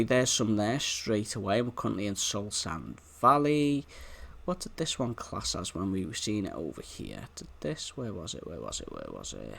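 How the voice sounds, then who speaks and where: Male gameplay host, Liverpool accent, mid pitch with a very animated, sing-song delivery, chatty and rambling. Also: creaky. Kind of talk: casual gameplay commentary.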